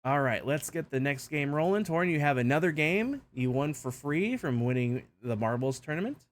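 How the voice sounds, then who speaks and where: Animated man hosting a game-show stream. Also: a little high, normal speed. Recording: stream with music playing behind. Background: background music.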